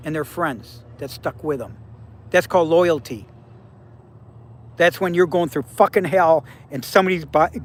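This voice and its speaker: Blunt, profane man in his seventies. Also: high-pitched. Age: 70s. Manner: blunt, profane, preachy advice. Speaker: livestream host. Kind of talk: casual livestream talk to viewers.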